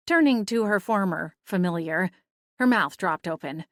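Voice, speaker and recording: A woman's voice: fairly low pitch, expressive, normal speed, no room sound. Woman narrating an audiobook, dry close sound. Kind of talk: scripted first-person narration.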